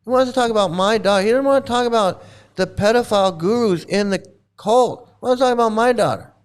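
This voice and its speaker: In casual livestream commentary, a male host rants with indignation and mockery, circling back through lots of repetition. He speaks fast in a high-pitched voice with a clean tone.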